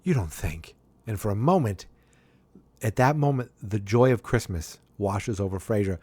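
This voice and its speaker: A man casually recapping a sitcom episode, rambling with frequent ums and restarts, and jumping into a higher voice to act out the characters' lines. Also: moderate pace, a little mellow, no room sound. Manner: acts out characters' quotes in a higher voice.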